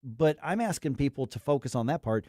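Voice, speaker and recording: A man's voice: medium pitch, expressive, fairly quick, a little mellow, no room sound, studio quality. A man hosting a talk radio show, giving emphatic, rambling opinions with acted quotes.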